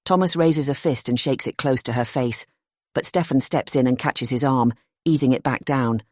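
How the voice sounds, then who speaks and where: A narrator reading a suspense thriller in a tense, measured voice of middling pitch. The recording is dry and close with no room sound. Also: a little mellow, dry recording. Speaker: audiobook narrator.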